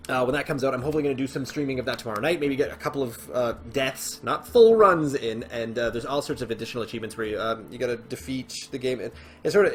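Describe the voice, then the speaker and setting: A man chatting his way through a gaming session, wandering from thought to thought and poking fun at himself. His speaking voice sits at an everyday middle pitch, with faint music playing underneath. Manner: rambling, chatty and self-deprecating; thinks aloud with frequent fillers and restarts. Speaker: gaming video host. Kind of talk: casual gameplay commentary.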